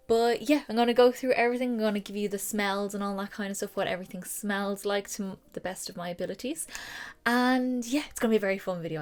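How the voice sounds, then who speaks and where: A young woman, chatting and rambling enthusiastically in a casual beauty haul vlog at home. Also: medium pitch. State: out of breath. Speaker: beauty vlogger. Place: home room with holiday decor.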